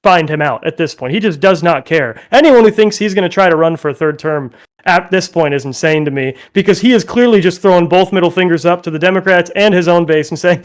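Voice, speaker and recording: Male panelist, high-pitched, profane heated rant. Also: fairly quick. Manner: profane, blunt, ranting. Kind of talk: heated political debate.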